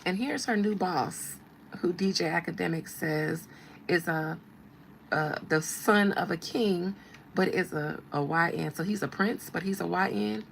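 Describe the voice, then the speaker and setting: A woman's voice: fairly low pitch, unhurried, creaky, a little hiss or hum, low-quality recording. A woman hosting a show as a tarot reader, giving blunt, slangy, mocking commentary. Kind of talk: casual commentary.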